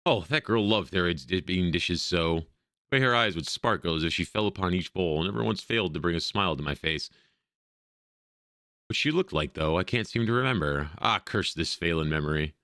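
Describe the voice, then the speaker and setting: A man's voice: deep voice, animated, brisk, pushed and bright, no room sound, studio quality, pitched below the performer's own voice, exaggerated voice. A man voicing an elderly, forgetful village woman in a role-playing game, reading her quaint, old-fashioned lines aloud. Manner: quaint archaic phrasing, read aloud.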